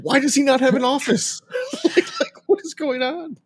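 A podcast co-host chatting casually, chiming in with quick reactions and laughing asides. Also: high voice, animated. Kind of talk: casual chat.

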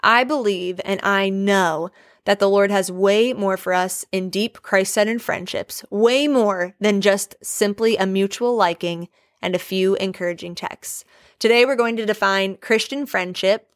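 A woman's voice: mid-range voice, moderate pace, no echo, studio quality. A woman leading a prayer and then teaching a Bible study, earnest and conversational, asking her listeners rhetorical questions.

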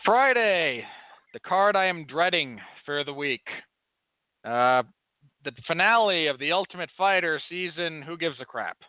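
A man co-hosting a podcast with a dry, exacting delivery, sounding like he is on a tinny, phone-like line. His voice sits a little high for a man and comes through smooth and clear. There is hardly any room sound around him. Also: lively intonation, unhurried, no echo. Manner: precise, dry, pedantic corrections. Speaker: podcast co-host and MMA commentator. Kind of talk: casual podcast banter.

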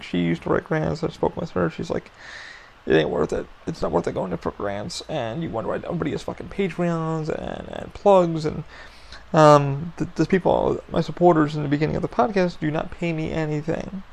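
A man hosting a solo podcast, venting his frustration in a gravelly voice full of fry and heavy swearing. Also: a little high, steady tone, a little fast, slight background noise. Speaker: podcast host.

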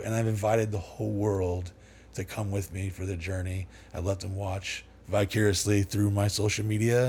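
A man with a lowish, slightly mellow voice appears on a podcast, spinning meandering stories full of curse words, filler words and false starts in a casual storytelling style.

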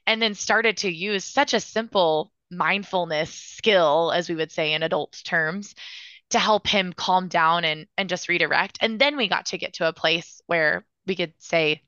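Earnest, enthusiastic woman therapist; sharp, bright tone, dry close sound. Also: on the low side, moderate pace, smooth, dry recording, lo-fi sound. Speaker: music therapist. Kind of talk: casual interview answers.

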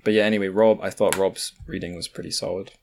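Scottish male co-host, deep voice, relaxed chat, wry asides. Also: quick pace, slight background noise. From Scotland. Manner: chatty, joking asides. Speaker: podcast co-host. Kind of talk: casual chat.

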